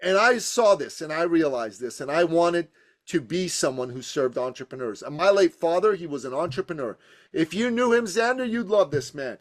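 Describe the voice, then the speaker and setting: With a slightly high voice, lively intonation, and moderate pace, a man shares his motivational story in a podcast interview. He is an Iranian business coach in his fifties, speaking emphatically with a punchy rhythm.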